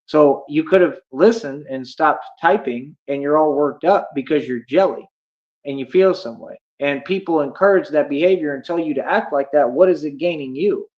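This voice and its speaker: A man's voice: a little high, moderate pace. Boastful man ranting at his chat, lo-fi. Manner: boastful, confrontational, slangy. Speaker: livestreamer. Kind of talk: livestream rant at chat. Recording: dull lo-fi stream audio.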